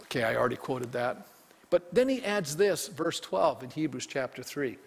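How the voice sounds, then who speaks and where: High-voiced man preaching in a hall. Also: lively intonation, normal speed, gravelly, breathy edge. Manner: emphatic, asks the congregation questions. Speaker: pastor. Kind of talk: sermon.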